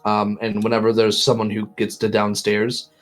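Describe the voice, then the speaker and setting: A man's voice: on the low side, completely flat delivery, moderate pace. Man narrating as game master. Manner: descriptive, self-deprecating, with restarts.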